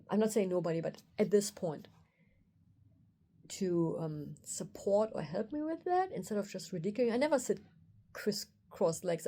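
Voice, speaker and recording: Warm-voiced woman. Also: medium pitch. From Germany. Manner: candid, animated retelling with quoted inner thoughts. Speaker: osteopath and video host. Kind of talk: personal storytelling to camera.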